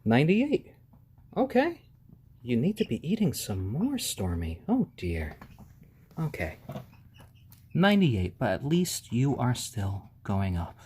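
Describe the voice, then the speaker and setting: A man chats on a casual live stream at an unhurried pace. His voice swings widely from low to high as he gently soothes and hushes the little birds. He pauses now and then to thank viewers by name. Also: huge pitch swings, a little hiss or hum. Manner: gentle, soothing, hushing baby chicks; reads out viewer names and thanks them.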